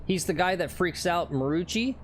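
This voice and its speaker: A man's voice: high-pitched, expressive, moderate pace, a little hiss or hum. A man hosting a casual golf livestream, reading viewer comments aloud and joking, laughing often. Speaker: livestream host running the chat and camera. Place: outdoors on a golf course.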